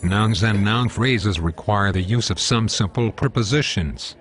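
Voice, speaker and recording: A man's voice: on the low side, measured pace, a bit bright. A male computer voice playing a legal writing coach who corrects plainly and matter-of-factly.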